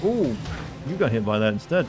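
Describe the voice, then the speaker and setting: A man's voice: mid-range voice, big pitch swings, fairly quick. A man streaming a video game live, rambling casually with jokes and swearing. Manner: rambling, profane and joking. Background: faint game music.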